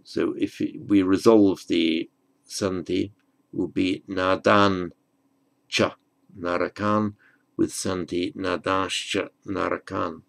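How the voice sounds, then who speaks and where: A man teaching a slow, patient grammar lesson, spelling out words and rules. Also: deep voice, level tone, creaky, rough recording. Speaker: Sanskrit teacher.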